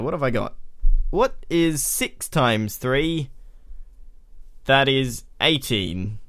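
A man's voice: mid-range voice, fairly bright tone. An Australian man with a put-on British accent, chatting his way through a video game and talking to the creatures in it. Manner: chatty, rambling, talks to game mobs. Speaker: let's play host. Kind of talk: gaming commentary. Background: keyboard typing and clicks.

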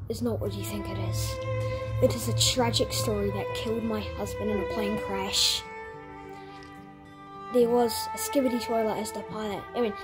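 A woman's voice: mid-range voice, steady tone, moderate pace, over music, natural voice. A woman voicing an over-dramatic plush widow in a homemade comedy skit. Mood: melodramatic.

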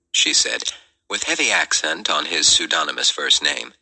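A man, a podcast host, reading a novel chapter aloud in a measured storytelling delivery. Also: rumbling low, very animated, bright, forceful tone, slightly rough.

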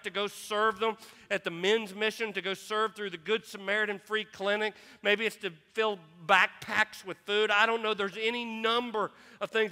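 A man's voice: high voice, sharp tone, big-room sound. A man preaching a sermon as pastor, impassioned, who often repeats himself on restarts. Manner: impassioned, repeats words, quotes scripture. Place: church sanctuary.

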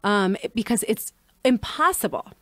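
A woman's voice: fairly high pitch, lively intonation, normal speed, fairly bright tone, dry recording. A woman co-hosting a podcast outdoors in a backyard, chatty and goofy, laughing often. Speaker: podcast co-host. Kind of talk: casual chat.

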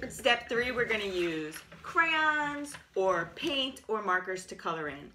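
A woman teaching a children's art lesson, explaining each step gently and praising as she goes. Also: medium pitch, very animated, takes it slowly, crowd noise.

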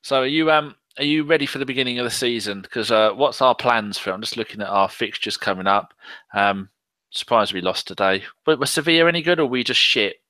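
A man's voice: mid-range voice, quick pace, pushed and bright, no room sound. A man co-hosting a late-night football podcast, laid-back, chatty and teasing his co-host. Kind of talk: casual late-night chat.

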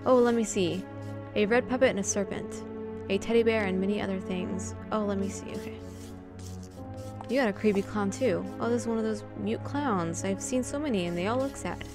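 A woman playing a horror adventure game, reading its text and dialogue aloud in her own voice and adding dry joking asides, on a studio mic. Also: medium pitch. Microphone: studio condenser mic. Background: game music.

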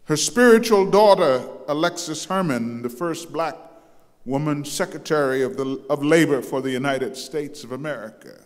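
Storytelling pastor in a reverberant church. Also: male voice, normal speed. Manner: storytelling with acted quotes and animated shifts in pitch. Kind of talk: sermon. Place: large church sanctuary. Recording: long reverb of a church hall.

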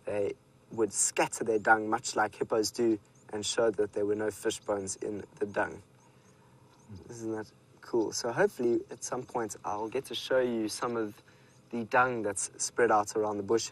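A South African man with a fairly low voice guides a live safari from the bush. He tells folk stories and chats with viewers in a relaxed, easy way. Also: low-quality recording. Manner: relaxed storytelling, speaks to viewers. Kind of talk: live wildlife commentary. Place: outdoors in the bush.

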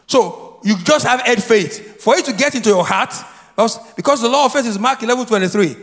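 High, lively preacher in an echoing hall. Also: male voice, brisk. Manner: repetitive, prompts congregation to answer. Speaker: pastor. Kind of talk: sermon with call and response. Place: church sanctuary. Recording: long hall reverb.

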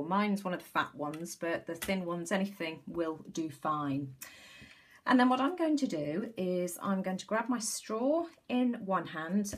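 A woman's voice: lowish voice, husky. A woman chatting enthusiastically through a home craft demonstration, with many ums. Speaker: craft tutorial host. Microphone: camera mic.

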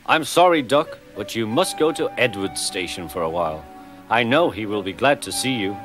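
A man's voice: lowish voice, lively intonation, normal speed, music in the background, lightly acted. A man voicing a stern but fair railway boss in a storybook reading.

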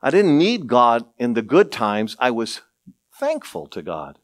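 A middle-aged male pastor preaching a sermon, telling stories with lively acted-out voices and frequent laughter. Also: medium pitch, unhurried. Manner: animated storytelling, acts out voices, laughs often.

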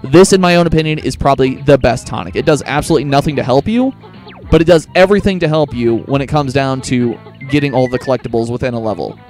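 Man, let's play commentary, chatty, excitable, faint game music behind. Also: mid-range voice, fast talker. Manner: chatty, excitable, talks to viewers. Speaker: gaming channel host.

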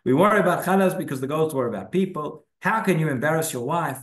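A man leads a relaxed, conversational class in a synagogue, reading sources aloud and often pausing or restarting. His voice sits somewhat high for a man. The room gives his voice a noticeable echo. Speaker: rabbi teaching a class. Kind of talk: casual spoken Torah class. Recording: echoey room.

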